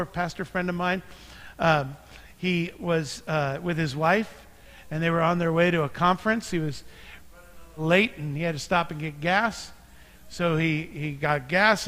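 High, bright-voiced male pastor in a reverberant hall. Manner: conversational, joking storyteller. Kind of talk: sermon. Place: church sanctuary.

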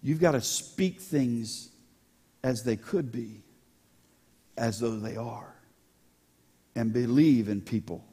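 A pastor preaching a sermon, animated and joking with his congregation. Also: medium pitch, slow pace, pauses often, breathy edge. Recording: long hall reverb.

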